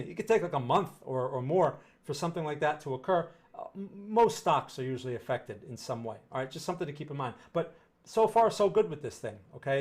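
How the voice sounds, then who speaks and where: A man as market analyst, talking through charts and answering chat questions in a loose, conversational way, often repeating phrases for emphasis. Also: fairly high pitch. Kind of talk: casual livestream market commentary.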